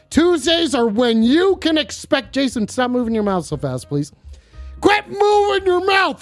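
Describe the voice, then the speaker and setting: A rowdy host in their thirties runs a live call-in stream, swearing constantly and breaking into loud whoops. The voice sits at an ordinary middle pitch, with faint music playing underneath. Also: no room sound. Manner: excitable, swears constantly, bursts into shouting. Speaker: live stream host taking phone calls. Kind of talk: loud, profane casual stream chat.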